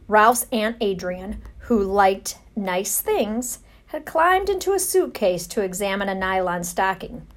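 A woman reading a children's storybook aloud, gentle and unhurried. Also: medium pitch, animated. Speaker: narrator.

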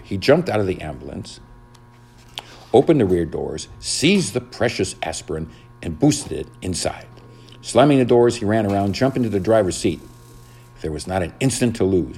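Low, husky man reading a storybook. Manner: dramatic, expressive reading. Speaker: narrator. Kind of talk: storybook narration.

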